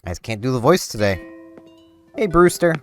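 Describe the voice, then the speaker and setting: A man's voice: mid-range voice, very animated, moderate pace. A man giving casual commentary while playing a video game, rambling and thinking aloud. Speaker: let's play gamer. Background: game music.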